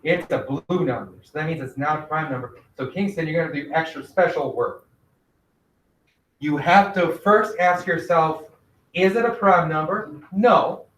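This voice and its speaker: Male teacher, slightly high voice, quizzing pupils, echoey classroom. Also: normal speed, a little hiss or hum. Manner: asks students questions, gently directive. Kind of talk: classroom math lesson.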